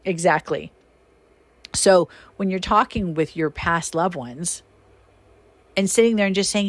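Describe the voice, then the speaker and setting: A woman hosting a podcast, telling stories in a casual, chatty monologue with many fillers and sudden emphatic rises in pitch. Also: measured pace, pauses often. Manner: animated, emphatic, swings her pitch up when excited. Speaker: podcast host and shaman.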